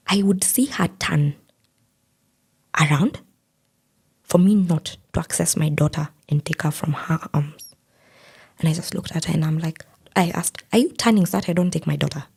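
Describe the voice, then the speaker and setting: In an interview, a young woman earnestly shares a painful personal story, quoting what other people said to her. Her voice is deep, a little mellow and husky, with vocal fry; she speaks at normal speed but leaves long pauses.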